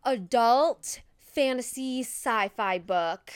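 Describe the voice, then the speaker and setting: A woman's voice: fairly high pitch, drawn-out words, clean tone. A young woman co-hosting a casual podcast chat, bubbly and full of "like" and "literally". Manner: bubbly, uses lots of fillers like "like" and "literally". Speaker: podcast co-host.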